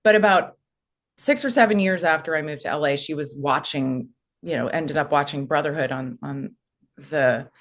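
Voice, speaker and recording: Woman from the US, somewhat low voice, casual interview storytelling, rambling, many fillers. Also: moderate pace. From United States. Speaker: actress, podcast guest.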